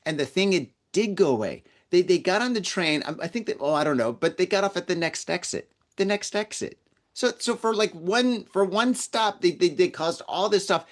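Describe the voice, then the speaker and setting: Male podcast host with a fairly high voice, rambling casual anecdote, stumbles and repeats himself. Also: lively intonation, moderate pace. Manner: rambling, repeats words, acts out quoted voices. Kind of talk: casual storytelling monologue. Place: lives in Tokyo.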